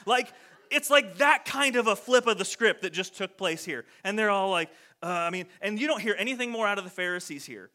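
A man preaching a casual, conversational sermon, animated and acting out quotes in different voices. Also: high voice, a little fast. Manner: animated, acts out quotes in voices, many "like" fillers.

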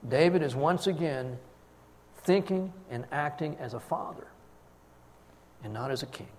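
A man preaching a sermon, telling the story with emphatic swings in loudness. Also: fairly high pitch, animated, measured pace, slight background noise.

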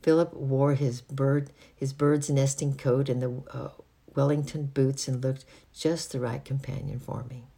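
A reader narrating a children's book aloud in a husky, gravelly voice, with occasional slips and restarts. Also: medium pitch, flat delivery, unhurried, dark tone. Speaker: audiobook reader.

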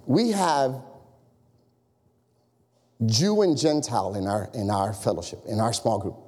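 A man preaching a sermon as pastor, animated and conversational, full of rhetorical questions. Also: on the low side, measured pace, long reverb tail.

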